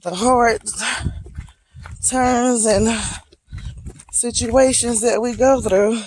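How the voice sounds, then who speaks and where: A hiking vlogger, speaking slowly and reflectively, encouraging viewers while out on a wooded trail near waterfalls. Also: medium pitch, a little mellow, slight background noise, low-quality recording. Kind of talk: motivational outdoor vlog.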